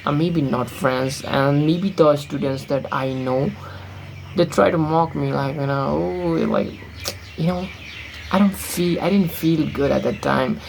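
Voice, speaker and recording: Gravelly young man from Nepal, blunt vlog. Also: on the high side, slight background noise, poor audio. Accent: American-influenced English, learned from films. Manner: rambling, many fillers, blunt and defiant. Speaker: vlogger. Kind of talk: casual talking-to-camera vlog.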